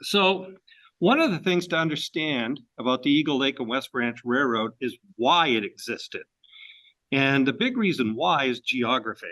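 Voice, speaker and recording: A man's voice: mid-range voice, animated, moderate pace, sharp tone, low-quality recording. Folksy man giving a history talk. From Maine. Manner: folksy, with frequent uh fillers and restarts. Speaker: presenter at a railroad club.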